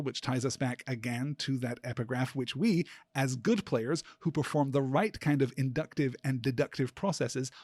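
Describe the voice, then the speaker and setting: A man hosting a podcast, giving a measured close-reading analysis of a text and slowing down to scan lines of poetry aloud. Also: on the high side, darkish tone, dry recording. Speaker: podcast host.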